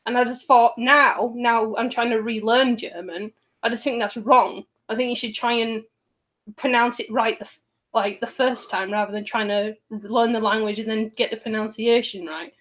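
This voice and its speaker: A woman's voice: a little high, steady tone, moderate pace, a bit bright. A woman chatting casually on a stream, laughing often. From England. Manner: giggly, chatty.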